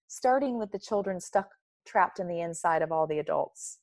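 A woman's voice: on the low side, moderate pace, a little mellow, dry recording. A woman guest speaking earnestly and emotionally in an interview, often repeating words as she starts a thought. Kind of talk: heartfelt interview talk.

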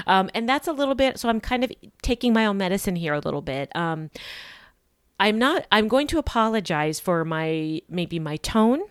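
A woman's voice: medium pitch, big pitch swings, moderate pace, clean tone, no echo, clean studio sound. A woman hosting her solo podcast, talking candidly in an in-your-face, sarcastic way, rambling with lots of ums and restarts. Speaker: podcast host.

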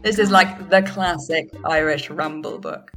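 Brief: woman guest author hosting a book quiz, low gravelly voice, upbeat. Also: measured pace, over music. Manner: upbeat, frequent laughs, apologetic asides. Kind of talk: casual podcast quiz chat.

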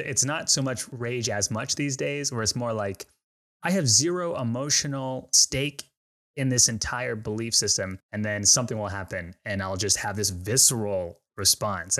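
A man's voice: mid-range voice, a bit bright. A man talking in a casual, chatty way and using slangy phrases. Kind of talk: casual conversation.

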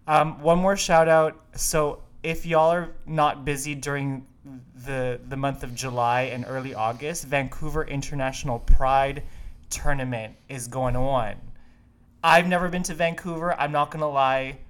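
A man's voice: medium pitch, fairly even intonation, unhurried, fairly bright tone, clear, resonant tone. A man from Canada co-hosting a tennis podcast in casual chat, playful and sassy, laughing a lot. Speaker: podcast co-host.

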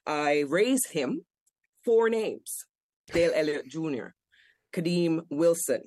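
A woman's voice: sits low, expressive, slow, a little mellow, dry recording. Firm woman panelist in a dry studio. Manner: firm, emphatic. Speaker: panel guest. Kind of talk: panel discussion.

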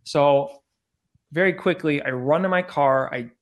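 A man, a podcast guest, casually telling an animated story and acting out the dialogue, peppered with "like" and "I go". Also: a little high, unhurried. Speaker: podcast guest, former celebrity news field producer.

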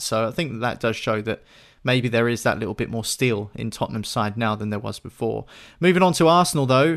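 A man hosting a football podcast, moving steadily through the matches. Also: mid-range voice. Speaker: podcast host.

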